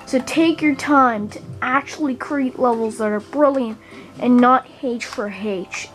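This woman runs a gaming channel and narrates gameplay in a high-leaning voice. Earnest and halting, she tends to repeat words mid-complaint.

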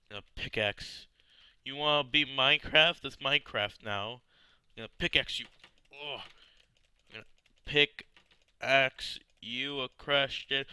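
Excitable man with a bright, tense voice. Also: medium pitch, takes it slowly, smooth, dry recording. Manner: excitable, swears and yells at the zombies. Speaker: let's play gamer. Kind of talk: gameplay commentary.

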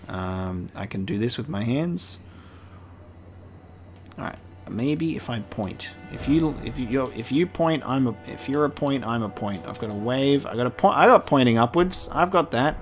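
A man's voice: medium pitch, expressive, moderate pace, faint music behind. A man doing casual let's-play commentary, chatty and joking, swearing when surprised. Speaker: gaming video host.

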